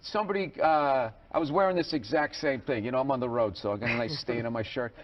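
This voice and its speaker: A man's voice: mid-range voice, fast, lo-fi sound, background noise. A male comedian telling a ranting anecdote as a talk show guest.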